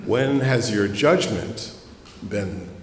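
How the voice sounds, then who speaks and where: This minister, with a fairly low voice and drawn-out words, tells stories conversationally through his sermon and speaks straight to the congregation. The echoey sanctuary adds hall ambience and a little background noise.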